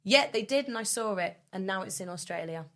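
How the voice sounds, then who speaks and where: A woman's voice: medium pitch, animated, fairly quick, a bit bright. A woman guest on a podcast in casual chat, playful and teasing, trying out accents.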